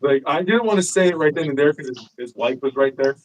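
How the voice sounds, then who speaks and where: A man's voice: fairly high pitch, fast talker, poor audio. A man telling a story as a guest in a casual chat, swearing freely and acting out what people said. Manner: profane, animated, acts out quotes. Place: live-streamed show.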